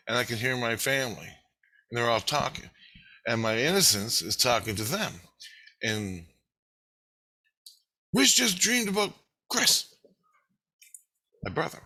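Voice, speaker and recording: A man telling a rambling story in a casual monologue, cursing freely and acting out the voices of the people he quotes. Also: mid-range voice. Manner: animated, profane, acts out quoted voices. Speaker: vlogger.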